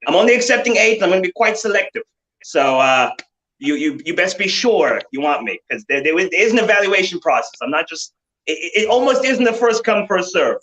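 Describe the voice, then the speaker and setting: A man's voice: sits high, very animated, a little fast, fairly bright tone, rough recording. A man, a fitness coach, talking about his coaching approach with confident emphasis and frequent restarts. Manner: confident, emphatic, repeats words when starting. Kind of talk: panel talk.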